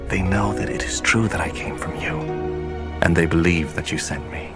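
A man's voice: low-pitched, fairly even intonation, natural voice. A man playing a solemn, English-accented Jesus at prayer. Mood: reverent. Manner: slow, solemn, reverent prayer. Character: Jesus praying solemnly to his Father. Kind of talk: film drama. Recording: film clip with music underneath.

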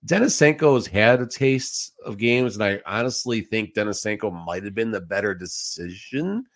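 Male sports podcast co-host, lower voice, opinionated and blunt. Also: lively intonation, moderate pace. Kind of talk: casual sports chat.

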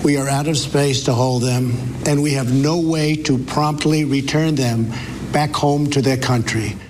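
A man delivering a formal televised address in a measured, grave manner. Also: mid-range voice, steady tone, darkish tone. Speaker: politician giving an address. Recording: noisy broadcast clip.

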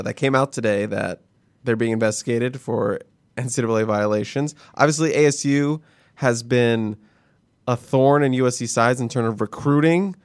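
A man's voice: medium pitch, smooth, no echo. Male podcast host, casual and offhand, dry close-miked voice. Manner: offhand, laughing while making predictions. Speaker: show host. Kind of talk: casual sports podcast chat.

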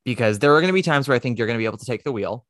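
A man's voice: mid-range voice, expressive, racing, fairly bright tone, dry recording. A man hosts a theatre podcast in a wry, opinionated way, teasing his guest as he goes. His voice sounds dry and close, with no room sound around it. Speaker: podcast host. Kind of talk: casual chat.

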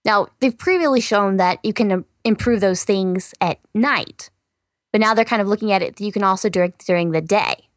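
A woman's voice: medium pitch, fairly quick, no echo, studio quality. Chatty woman co-host. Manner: chatty, many fillers like "you know" and "I mean". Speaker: science news co-host. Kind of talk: casual science podcast chat.

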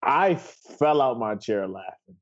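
A man in his thirties tells a story in amused, casual podcast talk. He speaks slowly, and the sound is dull and somewhat lo-fi. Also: medium pitch, big pitch swings. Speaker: podcast co-host.

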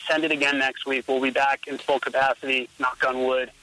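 A man's voice: medium pitch, little pitch movement, brisk, bright, forceful tone, poor audio. A man co-hosting a podcast, in casual, upbeat, joking chat with his co-host.

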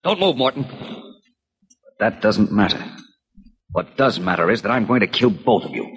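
An actor playing a young male accountant who turns out to be a cold killer, in 1940s radio acting, calm then coldly threatening. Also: on the low side, a little slow, slightly rough. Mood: menacing. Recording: old radio recording with long reverb and faint hiss.

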